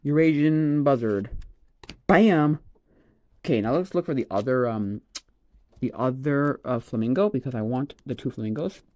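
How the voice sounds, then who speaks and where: A man on a casual livestream, rambling and exclaiming excitedly as he opens trading cards. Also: medium pitch, brisk. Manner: excitable, rambling, exclaims over each card. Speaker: streamer opening a card pack.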